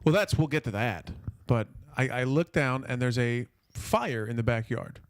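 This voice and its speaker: A man's voice: mid-range voice, normal speed, no room sound. Rambling storytelling man, dry room. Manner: rambling, animated anecdote with profanity and restarts. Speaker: podcast host. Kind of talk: casual storytelling on a podcast.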